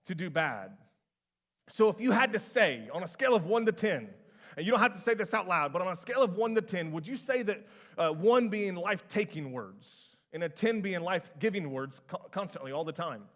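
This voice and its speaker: A young man with a notably high voice delivers a sermon as a pastor. He talks loosely and conversationally, dropping in casual fillers while staying animated.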